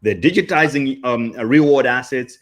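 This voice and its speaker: Guy hosting a crypto stream, hyped and slangy, mid pitch voice. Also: moderate pace. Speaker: show host. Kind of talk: casual livestream chat.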